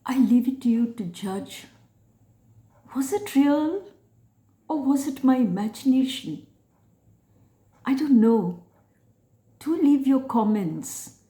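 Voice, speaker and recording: Middle-aged woman, personal storyteller, slow and hushed, roomy sound. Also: sits high, lively intonation. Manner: hushed, dropping at times to a whisper. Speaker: channel host telling her own story. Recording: roomy echo.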